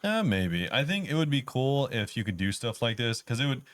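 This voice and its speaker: A man's voice: mid-range voice, very animated, moderate pace, fairly bright tone, no echo. A man co-hosting a casual gaming podcast, explaining game updates in an easygoing, detailed way. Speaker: podcast co-host.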